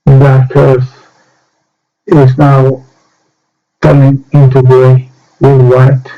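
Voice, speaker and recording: Slowly and haltingly, a man walks through a hands-on miniature painting demo as a hobbyist, using short, pause-filled phrases. His medium-pitched delivery is monotone. Soft music plays beneath dull, lo-fi audio.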